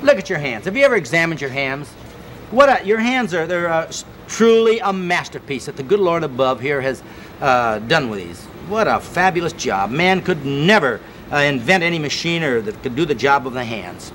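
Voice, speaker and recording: Energetic vintage TV fitness host, man. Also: fairly high pitch, brisk, faint music behind. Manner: energetic counting and coaxing commands; earnest, personal direct address to viewer. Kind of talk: TV exercise instruction to viewers.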